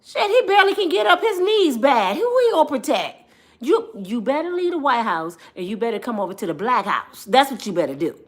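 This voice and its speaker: A woman with a high voice that swoops up and down constantly, telling a comedic story on her vlog. Her talk is slangy and full of jokes and laughs. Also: a little fast. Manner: animated, slangy, laughing, joking. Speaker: vlogger.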